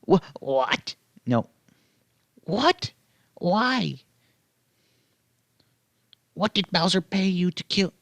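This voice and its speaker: A man's voice: high voice, very animated, very slow, pauses often, a bit bright, dry recording, voice pushed up, exaggerated voice. A man voicing a nervous, confused little dinosaur with stammering, squealing lines.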